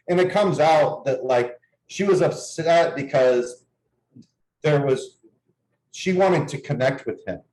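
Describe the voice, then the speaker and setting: A man's voice: mid-range voice, a little mellow. A man coaching on dating, explaining his views and telling a client's story in an earnest, casual conversational way. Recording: echoey room.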